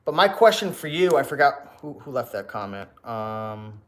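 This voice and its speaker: This reseller YouTuber's mid-range voice has a sing-song quality at a normal speed. Hosting a casual livestream, he lectures viewers with rhetorical questions and keeps restarting what he says.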